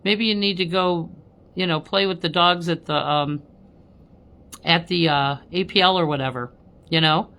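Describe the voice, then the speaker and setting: A woman's voice: fairly low pitch, moderate pace, pauses often, fairly bright tone. Chatty woman medium, full of "okay?". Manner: chatty, laughing, says "okay?" constantly. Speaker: spiritual medium. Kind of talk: live-stream reading to viewers.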